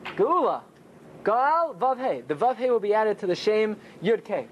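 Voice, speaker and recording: A man's voice: big pitch swings, measured pace, lo-fi sound, a little hiss or hum. Male rabbi teaching with rhetorical questions. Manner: asks rhetorical questions and answers them himself; swings between high and low pitch for emphasis. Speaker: rabbi teaching a Torah class. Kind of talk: Torah class with Talmud study.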